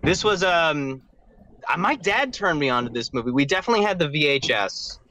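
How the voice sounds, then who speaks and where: An excitable male guest with a bright, forceful voice pitched a bit high. He chats about a favorite comedy with eager enthusiasm and quick laughs. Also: rough recording. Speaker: podcast guest. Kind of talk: casual podcast chat.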